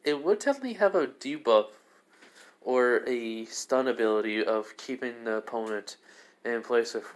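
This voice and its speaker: A man's voice: mid-range voice, expressive, moderate pace. Rambling man telling a fan story. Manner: rambling, lots of fillers and restarts. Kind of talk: casual spoken fan-fiction narration.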